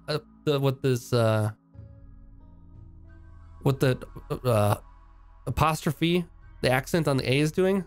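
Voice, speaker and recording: A man giving casual, upbeat commentary while playing a video game, thinking aloud with frequent fillers and restarts. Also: on the high side. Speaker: game streamer.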